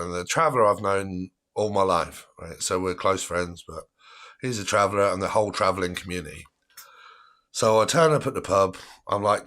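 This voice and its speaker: An English man spins a casual story on his live stream in a somewhat low voice. He rambles in slang, swears freely and laughs between lines. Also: fairly bright tone.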